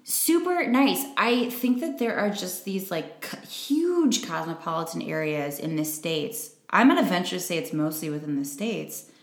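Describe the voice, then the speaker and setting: A woman's voice: lowish voice, expressive, normal speed. A young adult woman co-hosting a casual chat, telling stories with lots of fillers. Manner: chatty storyteller, many fillers. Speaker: podcast co-host. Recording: roomy echo.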